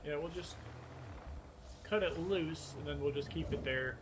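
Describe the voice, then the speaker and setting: A man's voice: a little high, a little slow, background noise. Joking man streaming a game. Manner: joking, talks to himself. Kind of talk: casual gameplay commentary. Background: game music.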